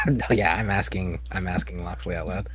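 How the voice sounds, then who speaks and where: A man's voice: sits low, lively intonation, normal speed, fairly bright tone, breathy edge, muffled recording. A man chatting as a player in a tabletop game, easygoing and playful.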